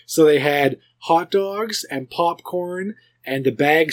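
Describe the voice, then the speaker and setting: A man hosting a podcast, telling rambling stories in a casual, animated chat with many restarts. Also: on the high side, slow pace. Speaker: podcast host.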